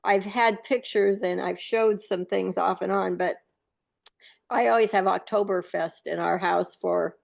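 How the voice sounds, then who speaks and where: A woman on a casual group call, talking in a relaxed, rambling way about sharing her horses with guests. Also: medium pitch, measured pace, gravelly.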